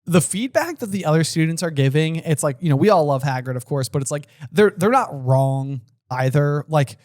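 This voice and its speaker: Man with a higher voice, chatting on a podcast. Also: expressive, normal speed, a little mellow, no echo, clean studio sound. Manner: recaps and reads passages aloud, jokey. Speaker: podcast co-host. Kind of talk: casual chat.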